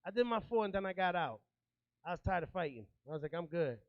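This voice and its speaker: Stand-up comic, male, thirties, from New York, high voice, chatty, riffs with the crowd. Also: very animated, fast, no room sound, lo-fi sound. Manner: streetwise, loose, chatty, working the crowd. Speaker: stand-up comedian. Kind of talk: stand-up comedy set.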